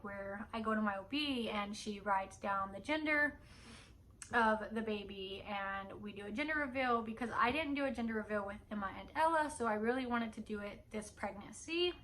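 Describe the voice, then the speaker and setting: A woman's voice: a little high, sharp tone, a little hiss or hum. A young woman chatting casually in a home vlog at night, rambling with lots of fillers. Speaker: vlogger. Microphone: camera on a stand.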